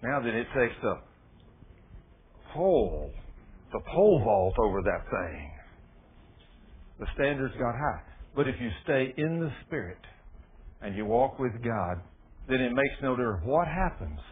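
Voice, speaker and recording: A man's voice: medium pitch, sing-song, measured pace, long pauses, slightly rough. A man preaching a sermon in a folksy, storytelling way with plain dialect grammar. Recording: tinny phone-like radio broadcast.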